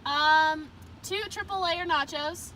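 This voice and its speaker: Bubbly high-voiced young woman vlogging. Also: slow pace, pushed and bright. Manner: bubbly, giggly, playful. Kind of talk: casual chat. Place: in a car. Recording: car recording with background noise.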